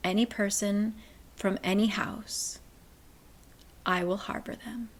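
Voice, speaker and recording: Stately older river queen, voiced by a woman; formal, measured, quiet delivery. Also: medium pitch, fairly even intonation. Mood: solemn. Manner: formal, measured, softening to a hush.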